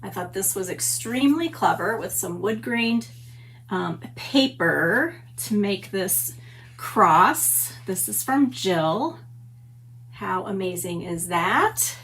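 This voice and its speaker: A woman's voice: mid-range voice, lively intonation, slow, fairly bright tone, a little hiss or hum. A middle-aged woman hosting a papercraft livestream, chatty and gushing as she greets viewers by name. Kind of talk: casual livestream chat. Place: home stamp room.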